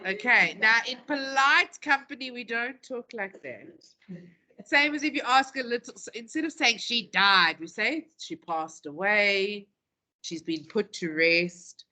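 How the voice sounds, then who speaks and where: A woman teaching a classroom lesson, playful and dramatic, stretching out key terms slowly and acting out example phrases. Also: on the high side, sharp tone. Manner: playful, acts out quotes in dramatic voices.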